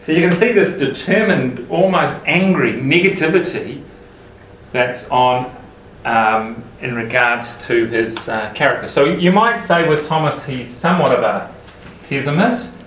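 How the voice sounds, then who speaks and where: A man's voice: mid-range voice, measured pace, a bit bright, a little hiss or hum. A man leading a group Bible study, talking casually and asking the group questions. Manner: conversational, asks the group questions. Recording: roomy, mic at a distance.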